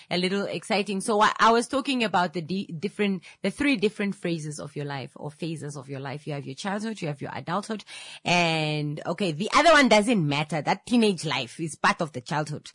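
Woman radio host, Namibian English accent, bright tense voice, lowish pitch, chatty and teasing. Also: dry recording. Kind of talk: casual radio talk show.

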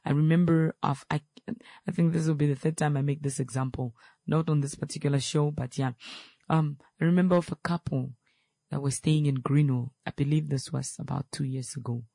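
Male talk host, gravelly, earnest and repetitive advice delivery, dry close sound. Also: on the high side, steady tone, a little fast, warm tone, no echo. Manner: earnest and repetitive, stressing key points; quotes scripture, then explains it plainly.

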